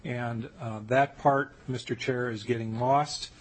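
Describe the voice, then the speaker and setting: A man's voice: mid-range voice, steady tone, measured pace, low-quality recording. A man giving formal closing remarks on his bill at a committee hearing. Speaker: legislator.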